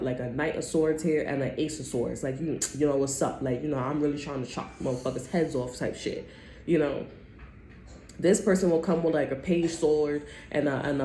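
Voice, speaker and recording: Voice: mid-range voice, mellow. Profane, rambling tarot reader in an echoey room. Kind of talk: casual tarot reading. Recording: roomy echo, faint background noise.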